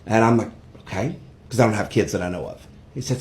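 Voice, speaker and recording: A man's voice: fairly low pitch, fast. A man telling a personal story in an earnest way and acting out a coworker's lines. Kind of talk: personal story told on camera.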